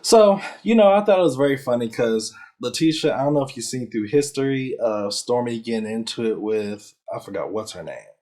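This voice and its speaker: A man co-hosting a casual review chat, relaxed and easygoing, with lots of "you know.". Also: medium pitch, a little fast, hardly any pauses. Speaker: podcast co-host.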